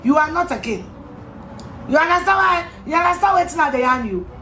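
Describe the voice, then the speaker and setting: A Ghanaian woman in a heated, insulting rant, repeating herself and shouting at times. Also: high-pitched, expressive, fairly quick, a little hiss or hum. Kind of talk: angry rant to camera. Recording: echoey room with faint music.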